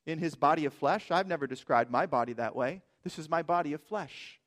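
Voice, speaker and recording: High-voiced man preaching emphatically. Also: brisk, a bit bright. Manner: emphatic preaching, rhetorical questions. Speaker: pastor. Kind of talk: sermon.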